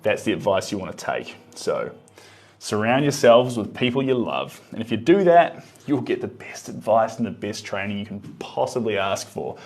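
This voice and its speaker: A man's voice: lowish voice, sing-song, moderate pace, creaky, a little mellow. A man streaming himself painting live, murmuring his brush moves to himself and answering chat in an easygoing, musing way.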